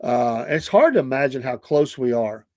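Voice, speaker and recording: A man's voice: mid-range voice, moderate pace, no echo. A middle-aged man with a Southern US accent, hosting a casual talk show and telling stories with laughter and acted-out voices. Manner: animated, laughing storyteller who acts out quoted voices. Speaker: podcast host. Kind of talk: casual storytelling chat.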